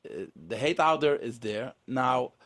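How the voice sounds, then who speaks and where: A man's voice: medium pitch, measured pace, a bit bright, no echo. A man guest on a podcast, talking earnestly in casual conversation and often repeating words as he restarts. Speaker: podcast guest, real estate agent.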